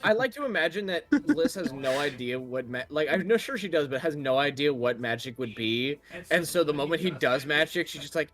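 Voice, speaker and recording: Lively storytelling man at a tabletop game. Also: on the high side, fairly quick, few pauses. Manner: storytelling, acts out his character. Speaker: player. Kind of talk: tabletop role-play chat.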